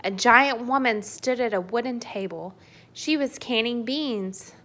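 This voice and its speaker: A woman narrating a children's storybook in a slow, unhurried way. Her tone is bright and clear, and her delivery is playful and expressive. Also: on the high side. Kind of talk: children's storybook read-aloud.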